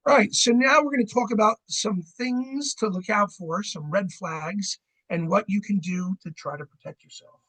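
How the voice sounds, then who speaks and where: Guy, middle-aged, pretty high voice, talking a crowd through scams, lots of "right?". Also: normal speed, fairly bright tone, low-quality recording. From New Jersey. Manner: conversational, keeps asking "right?". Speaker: credit union fraud educator. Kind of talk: seminar talk on fraud.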